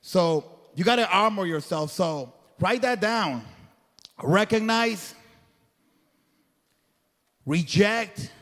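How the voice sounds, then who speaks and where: Before a crowd in an event hall, a man gives a motivational faith talk as a guest, earnest and preacher-like with a colloquial turn of phrase. His voice is high-pitched and a bit bright, carried by long hall reverb.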